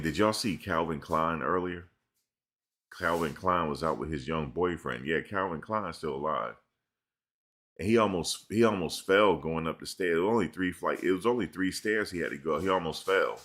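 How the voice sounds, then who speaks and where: Speaking at a normal pace in a very low voice, a live-stream commentator chats casually into his camera at home. His tone is bright and forceful as he rambles loosely through slangy stories and reads viewers' chat questions aloud before answering them.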